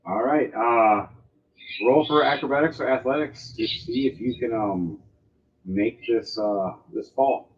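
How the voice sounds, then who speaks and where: A man runs a tabletop game as game master, narrating the action with lively energy. His voice sits at a middle pitch, and the recording sounds slightly dull. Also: a little slow. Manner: animated, acts out sound effects and cries.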